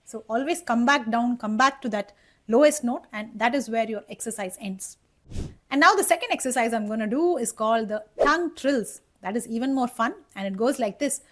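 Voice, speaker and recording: Woman voice teacher, fairly high pitch, step-by-step instructional delivery. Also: a little fast. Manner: checks in with "okay?" and "right?"; explains patiently, step by step. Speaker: voice coach. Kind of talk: instructional singing lesson.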